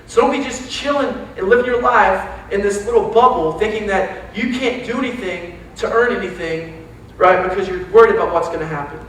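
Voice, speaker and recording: High-voiced youth pastor in echoey hall. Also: male voice, slight background noise. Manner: animated, talks straight to the crowd with quick asides. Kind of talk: casual sermon. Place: church sanctuary. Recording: echoey church hall, mic from a distance.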